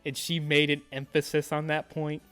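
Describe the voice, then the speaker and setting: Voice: mid-range voice, completely flat delivery, moderate pace, a bit bright, soft background music. A game streamer reading a game's narration aloud and adding chatty asides.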